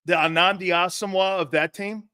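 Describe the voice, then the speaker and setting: A man's voice: high voice, steady tone, normal speed, bright, forceful tone, smooth, no echo, clean studio sound. A man hosting a sports talk show, agreeable and upbeat, cheering on his co-host. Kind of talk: casual sports talk chat.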